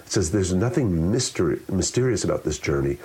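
Low husky guy, interview guest, really expressive, voice swings all over. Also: fairly quick. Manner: expressive, demonstrates with shifting delivery. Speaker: guest, public speaking author. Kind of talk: explanatory interview talk.

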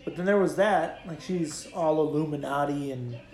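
Laid-back man, fairly high voice, echoey. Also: moderate pace, darkish tone. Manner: laid-back, profane, storytelling. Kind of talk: casual chat. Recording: echoey room.

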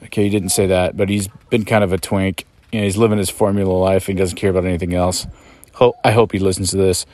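His voice is deep, flat and darkish, and he talks fast with no room sound on the recording. Hosting a laid-back podcast from a state park campsite, he jokes and rambles about living on the road, making fun of himself and scolding his dog.

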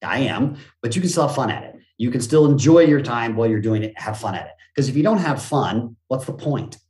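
Middle-aged male guest, animated pitch, roomy echoey recording, motivational energy. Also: a little fast. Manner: energetic, expansive, motivational speaker's delivery. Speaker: interview guest. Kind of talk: animated conversational interview. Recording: roomy echo.

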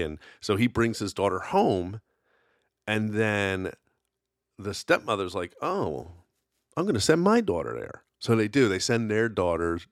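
A man's voice: low-pitched, no echo, studio quality. A man hosting a casual solo podcast, telling folklore in a rambling, conversational way with lots of fillers. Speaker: podcast host.

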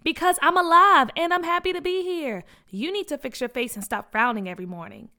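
Loud, proud schoolgirl with a bright, high voice , played by a woman for a kids' audio story. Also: brisk. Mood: cheerful. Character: loud cheerful schoolgirl Tia.

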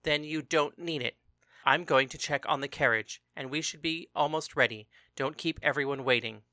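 Stern practical man, firm and louder, bright tone, dry close voice, as a storyteller does him. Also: a little high, moderate pace, no echo.

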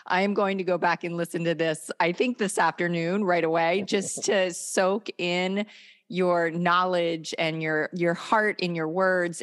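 A woman hosting a podcast, effusive and grateful as she wraps up. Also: lowish voice. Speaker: podcast host. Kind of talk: podcast interview.

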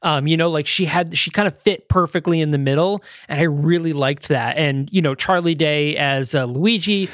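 A man hosts a podcast in loose, casual chat, his voice sitting a little high for a man. He rambles through fillers and restarts and acts out quotes in quick little voices. The sound is dry and close. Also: no room sound. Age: adult parent. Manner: animated retelling, quoting others in little voices. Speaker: podcast host.

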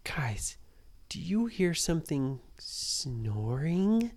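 A man's voice: fairly high pitch, big pitch swings, extremely slow, pitched above the performer's own voice, heavily acted. Young boy explorer, whispery and careful, voiced by a man. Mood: eager. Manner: hushed, half-whispered warnings. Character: cautious young boy adventurer. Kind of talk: bedtime story voice.

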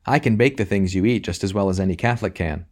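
A man's voice: low voice, fast talker, darkish tone. A man reading aloud, voicing a sly, scheming middle-aged baker who talks in a coaxing, insinuating way. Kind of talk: audiobook reading.

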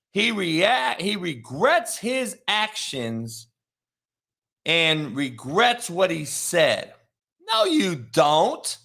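A high-pitched man rants about sports, swearing freely and circling back over the same points. His voice swings widely in pitch and sounds bright and forceful. He can flare into shouting. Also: creaky. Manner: heated, profane, repeats himself, bursts into shouts. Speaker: sports commentator. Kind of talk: profane sports rant.

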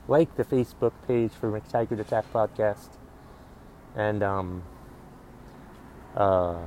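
A man's voice: lowish voice, darkish tone, slight background noise, low-quality recording. Profane grumbling man ranting outdoors. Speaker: comedian podcast host. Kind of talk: casual solo podcast rant. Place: outdoors in public.

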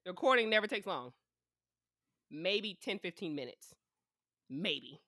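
A woman in her twenties chats on a podcast in a blunt, profane way, often breaking into laughs as she tells stories. Her voice is bright, and the studio sound is dry and close. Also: on the low side, big pitch swings, a little slow, no room sound. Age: 20s. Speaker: podcast co-host. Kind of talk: casual chat.

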